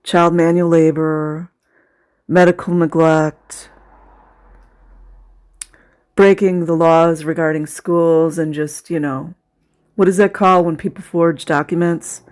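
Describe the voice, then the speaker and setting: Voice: mid-range voice, flat delivery, takes it slowly, long pauses, a little mellow. A video commentator talking casually over footage, sarcastic and indignant, sometimes sounding close to tears.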